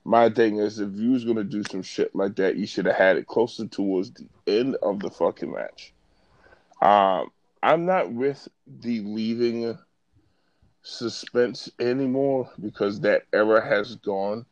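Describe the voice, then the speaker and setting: A man's voice: fairly low pitch, unhurried, no room sound, highs cut off. A man co-hosting a podcast, ranting in a heated, profane way in casual chat. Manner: heated, ranting, swears a lot. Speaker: podcast co-host.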